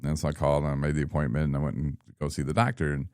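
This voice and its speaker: A man in his thirties from Michigan, telling his own story in a casual, animated podcast chat and acting out what people said. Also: rumbling low, rapid-fire, dry recording, studio quality. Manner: animated, laughing, acts out quoted people. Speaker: podcast guest.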